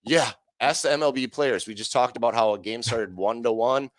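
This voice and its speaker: A man's voice: medium pitch, a little fast, no echo. A man co-hosting a sports talk show, profane and rambling, often correcting himself. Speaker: sports radio co-host.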